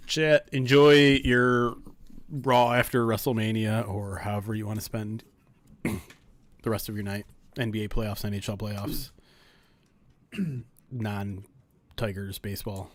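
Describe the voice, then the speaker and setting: A man co-hosting a sports podcast, relaxed and dry, signing off to the live chat. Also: fairly low pitch, slow pace, long pauses. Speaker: podcast co-host. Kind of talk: casual podcast banter.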